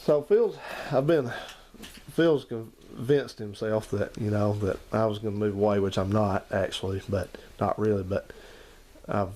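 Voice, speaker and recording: A man's voice: fairly low pitch, measured pace, dark tone, slight background noise. A man, chatting casually to the camera and his uncle in a rambling, repetitive way. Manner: rambling, repeats himself, talks to his uncle and the viewers. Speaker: channel host.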